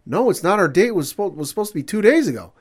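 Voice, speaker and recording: A woman's voice: medium pitch, sing-song, fast, slightly rough, pitched above the performer's own voice. A man voicing an annoyed young woman snapping at her date over the phone. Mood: exasperated.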